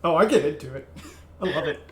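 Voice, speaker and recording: Brief: a man, higher voice, animated player in a tabletop role-playing session. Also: quick pace, echoey room. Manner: animated, shouts in-character lines. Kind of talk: playing a tabletop game in character.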